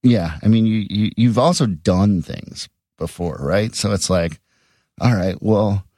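A middle-aged man, a musician guest in a casual interview, talking haltingly and repeating words. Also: on the low side, dark tone, dry recording, studio quality.

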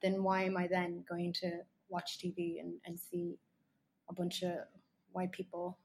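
A woman in her thirties, chatting casually on a podcast and telling animated stories full of fillers and restarts. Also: fairly low pitch, unhurried, a little hiss or hum. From Ireland.

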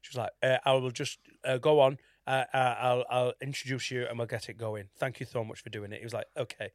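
A man hosting a casual comedy podcast, an animated storyteller who acts out what people said and swears freely. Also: mid-range voice, quick pace, no echo, clean studio sound. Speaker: podcast host; stand-up comedian.

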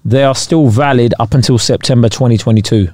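A man, co-hosting a casual podcast with jokey, animated banter. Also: medium pitch, a little fast, dry recording, studio quality. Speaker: podcast co-host. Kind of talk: casual chat.

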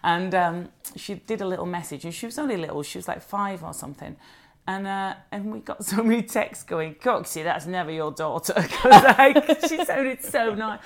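Northern English woman, 40s, podcast host; gravelly, laughs a lot while chatting. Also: medium pitch, expressive, normal speed. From Bolton, England. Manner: chatty storyteller, laughs often. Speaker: radio presenter and podcast co-host. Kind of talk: casual chat.

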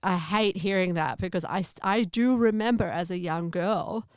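Woman, earnest, halting, personal, lowish voice, dry sound. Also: smooth, no room sound. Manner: earnest, stammering, personal storytelling. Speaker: podcast co-host. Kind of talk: casual chat reviewing a movie.

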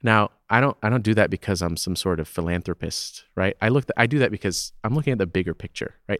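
A man in his thirties speaks in a very deep voice as a guest on an interview podcast. He argues his points emphatically, often checking in with "right?". The recording is dry and close, with no room sound. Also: no room sound. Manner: emphatic, keeps asking "right?" to drive points home. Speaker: theater owner and festival director guest. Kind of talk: conversational interview.

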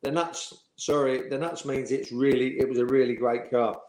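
Speaking in a darkish, medium-pitched voice at a normal pace with fairly even intonation, this ex-pro footballer is a chatty interviewee. He tells amusing stories, laughing as he recounts them, and the room has a roomy echo.

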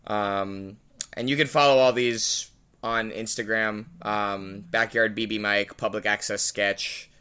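A man's voice: on the low side, steady tone, measured pace, pushed and bright, clean tone. A man who is a comedian, a guest on a podcast, chatting in a loose, rambling and playful way. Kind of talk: casual comedy podcast chat.

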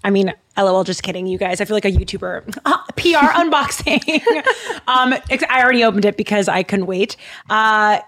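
A woman hosts a podcast in a studio, chatting casually through a studio microphone in a giggly, gushing way full of fillers. Her mid-range voice is animated, fairly quick, and fairly bright.

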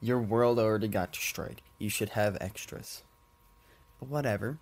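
Here a man with a fairly low, congested, nasal voice talks at a normal speed. He's recording a laid-back solo podcast at home among his cats, wandering off topic, laughing often, and dropping casual swears.

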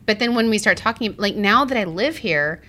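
A bright, forward voice belongs to a woman from Arizona who co-hosts a relaxed chat show. She talks quickly and bubbly, piling on "like" and breaking into easy laughter between points. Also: medium pitch. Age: adult parent. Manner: quick, chatty and bubbly, with many likes and laughs. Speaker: podcast co-host. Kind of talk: casual chat.

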